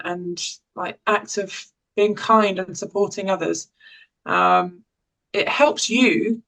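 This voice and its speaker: This English-accented educational psychologist and parent caregiver, in her forties and from England, speaks in a medium-pitched voice on a low-quality recording. Her casual talk on well-being is full of restarts and light laughter.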